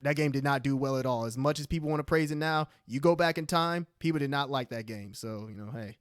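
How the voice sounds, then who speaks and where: A man's voice: mid-range voice, quick pace, smooth, no echo, clean studio sound. A man co-hosting a gaming podcast, chatting in an upbeat, emphatic way with lots of fillers. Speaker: podcast co-host. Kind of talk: casual chat.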